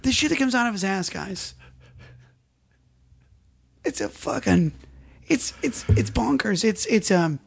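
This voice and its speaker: A man's voice: high-pitched, expressive, unhurried, gravelly, pauses often, slightly rough. A man co-hosting a comedy podcast, rambling through a story and repeating himself as he acts out quotes. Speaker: podcast co-host.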